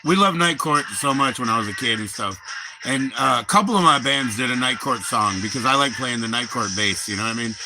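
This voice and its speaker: A man's voice: mid-range voice, a little fast, over music. A man hosting a livestream, chatting casually in a rambling, profane, laid-back way. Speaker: livestream host.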